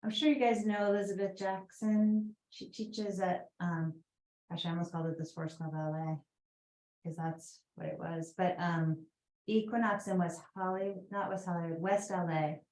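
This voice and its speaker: A woman's voice: on the low side, fairly even intonation, moderate pace, darkish tone, reverberant, rough recording. Chatty Boston-accented woman yoga teacher. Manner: chatty, rambling asides with fillers. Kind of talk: guided yoga class instruction.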